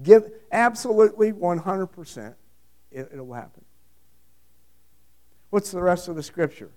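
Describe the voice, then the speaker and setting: A man's voice: high voice, expressive, a little slow, warm tone. A middle-aged man preaching a sermon, emphatic and repetitive, asking the congregation questions. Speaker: pastor.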